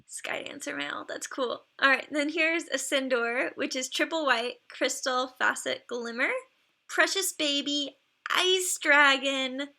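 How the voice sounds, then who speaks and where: A woman's voice: high-pitched, measured pace, creaky, pushed and bright. A woman streamer in casual live-stream commentary, chatty and effusive, gushing praise and laughing often between remarks.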